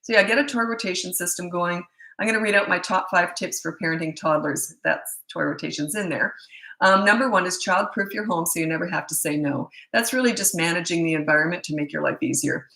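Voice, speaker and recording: A woman's voice: fairly low pitch, brisk, creaky, pushed and bright, roomy sound, low-quality recording. A middle-aged woman parenting coach answering questions in a blunt, opinionated, casual way. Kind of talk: casual Q&A talk to camera.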